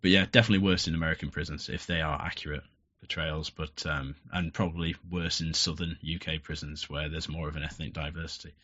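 Blunt guest, very low voice with a forceful edge, muffled lo-fi audio. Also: male voice, little pitch movement, quick pace. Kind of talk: casual interview.

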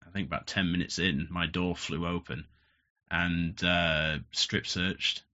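A man's voice: low voice, level tone, a little slow, sharp tone, highs cut off. A young man telling stories casually on a podcast, laughing often and restarting his sentences. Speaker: podcast guest. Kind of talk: casual storytelling. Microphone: headphones with podcast mic.

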